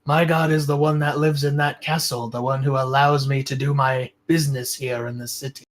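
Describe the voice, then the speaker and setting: A man voicing a shrewd little male kobold jewel merchant who haggles with smooth, mock-courteous politeness. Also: medium pitch, little pitch movement, a little fast, close to an everyday voice. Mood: amused.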